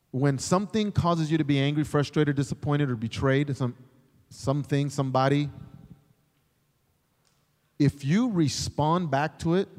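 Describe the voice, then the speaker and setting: A middle-aged man, a chaplain, teaching in a sermon style, animated, acting out the voices he quotes. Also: mid-range voice, long reverb tail. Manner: animated, acts out quoted voices, repeats words when starting. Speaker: chaplain and pastor.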